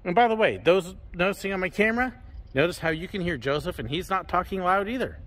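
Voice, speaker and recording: A man's voice: high voice, quick pace. A man hosting a casual guided tour of an outdoor Roman amphitheater, slightly out of breath, talking into a camera without a microphone. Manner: animated, showman-like projecting at times. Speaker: travel vlogger, host. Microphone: handheld camera, no microphone.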